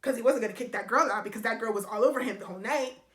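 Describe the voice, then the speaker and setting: Animated young woman telling a story. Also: fairly high pitch, rapid-fire. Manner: animated, exasperated storytelling, addressing viewers. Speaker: vlogger. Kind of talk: storytime vlog. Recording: echoey room, faint noise.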